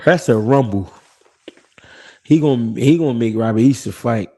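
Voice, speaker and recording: Man, boxing stream host, slangy, laid-back, dark gravelly tone. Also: medium pitch, moderate pace. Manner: laid-back, slangy, laughs often, repeats himself. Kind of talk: casual live-stream chat, reading viewer comments.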